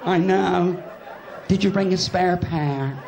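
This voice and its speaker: In an echoey cabaret club loud with the crowd, a cheeky comedian with a West Country English accent trades banter with his audience. He speaks slowly in a high, creaky voice.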